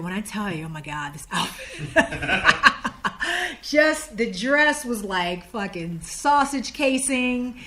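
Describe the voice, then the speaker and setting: A woman chatting as a podcast guest. She tells her story with energy and slips into the voices of the people in it. Her pitch sits in the middle range for a woman. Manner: animated, acts out quoted dialogue. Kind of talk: casual storytelling.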